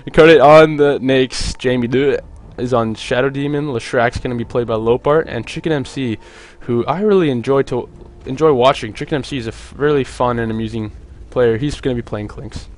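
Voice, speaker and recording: A young man casting a video game match on his own, chatty and jokey, with many filler words and quick asides. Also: medium pitch. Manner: rambling, jokey, lots of "like" fillers. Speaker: esports caster. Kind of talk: solo play-by-play commentary.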